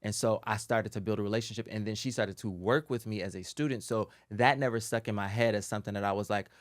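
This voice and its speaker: Low-voiced man telling a story. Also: quick pace, no echo, studio quality. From Chicago. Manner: animated storyteller acting out quoted voices. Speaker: podcast co-host, actor. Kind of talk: casual storytelling chat.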